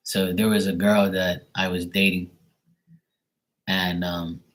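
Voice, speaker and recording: A man's voice: low voice, fairly even intonation, slow pace, a bit bright, rough recording. A man hosting a livestream, telling a rambling story in blunt, profane casual chat. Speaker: livestream host.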